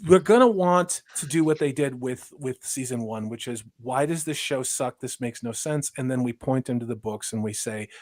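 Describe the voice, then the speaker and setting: A man's voice: mid-range voice, darkish tone, dry recording. A man talking casually on a livestream, blunt and wry, swearing freely. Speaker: co-host guest.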